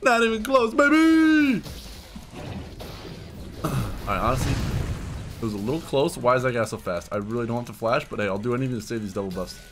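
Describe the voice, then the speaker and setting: A young man giving excited, laughing commentary while playing a video game, with loud yelps between mumbled asides. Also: medium pitch, normal speed, long pauses, a little hiss or hum. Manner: hyped, yelling bursts and mumbled asides; laughs often. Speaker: streamer. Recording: game music behind voice. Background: game music.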